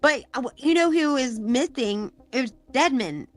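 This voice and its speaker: A woman with a fairly high voice calls in to a live stream. She chats and gossips freely, with frequent laughs. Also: expressive, normal speed, soft background music. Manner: chatty, gossipy, laughs often. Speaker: caller. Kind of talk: casual chat.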